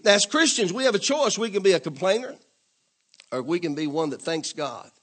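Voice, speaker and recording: A man with a high-pitched, expressive voice preaches a sermon in a church at a moderate pace, in call-and-response style. He asks the congregation to say amen, repeating himself emphatically and building to louder declarations.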